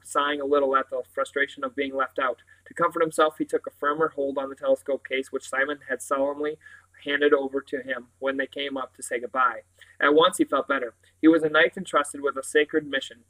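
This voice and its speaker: A man reading a novel aloud, steady and plain, correcting the odd slip as he goes. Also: medium pitch, low-quality recording. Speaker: reader.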